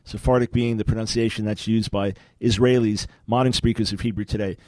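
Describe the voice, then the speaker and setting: A man's voice: on the low side, fairly even intonation, a little fast, a little mellow, no room sound. A man hosting a radio talk show, teaching in an emphatic, lecturing way with rhetorical questions, speaking from a radio studio.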